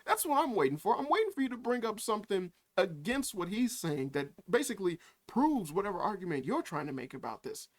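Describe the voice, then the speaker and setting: A man's voice: high-pitched, very animated, brisk, hardly any pauses. A man doing reaction commentary on a video, mocking, swearing and often breaking into laughter. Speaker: YouTube commentator.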